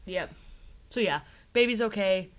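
A woman's voice: mid-range voice, animated, a little slow. A woman co-hosting a casual podcast, retelling a TV episode in a chatty storytelling way. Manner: chatty storytelling, acting out quotes. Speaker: podcast co-host recapping a TV episode. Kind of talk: casual chat.

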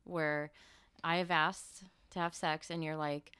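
Woman, podcast co-host and coach, lowish smooth voice, frank and teasing. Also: flat delivery, slow, bright, forceful tone, dry recording. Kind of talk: casual chat.

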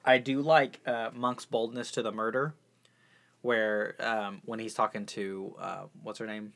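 Male podcast co-host; relaxed, halting talk with many fillers. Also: on the low side, gravelly. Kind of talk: casual chat recapping a TV episode.

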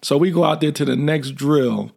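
A man's voice: a little high, moderate pace, creaky, husky. A middle-aged man, a military veteran, tells a story in a casual, blunt and informal way. He livens it up by acting out the dialogue in it. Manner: lively, acts out quoted dialogue.

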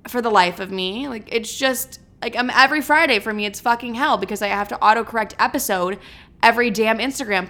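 A young woman with a bright, sharp voice chats alone on her podcast, rambling from one thought to the next. She swears freely and trips over her own words. She sounds wired on caffeine. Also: on the high side. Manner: rambling, chatty, swears often. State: highly caffeinated. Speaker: podcast host. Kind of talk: casual solo podcast chat.

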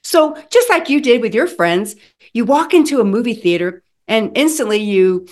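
A woman in her sixties telling her own story in an animated, dramatic way, acting out the lines of people in it. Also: on the high side, normal speed. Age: 60s. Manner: animated, dramatic retelling with acted quotes. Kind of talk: personal storytelling.

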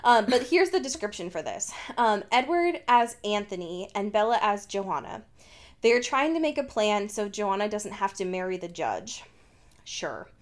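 A woman's voice: mid-range voice, animated, normal speed. A woman co-hosting a podcast in casual chat, laughing often and swearing freely. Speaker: podcast co-host.

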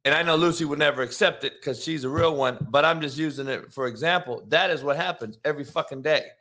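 A man's voice: on the high side, fast, sharp tone. A man hosting a casual solo podcast, hyped and slangy, swearing freely. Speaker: podcast host.

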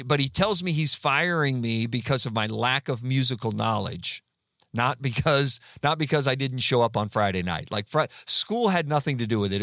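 A man's voice: mid-range voice, bright, forceful tone, no room sound, clean studio sound. A man in his fifties casually telling rambling stories about his career as a guest, with fillers and restarts. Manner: chatty, rambling anecdotes with frequent fillers and restarts. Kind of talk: casual storytelling.

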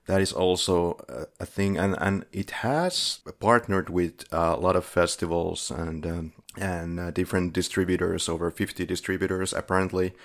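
A man with a very low voice co-hosting a casual podcast. He rambles, stumbles over names and corrects himself as he goes, with easy laughs in between. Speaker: podcast co-host.

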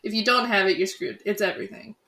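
A woman co-hosting a podcast, talking through a movie plot in a relaxed, conversational way. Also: medium pitch, quick pace. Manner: relaxed, conversational, frequent "like" fillers. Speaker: podcast co-host. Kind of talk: casual movie recap chat.

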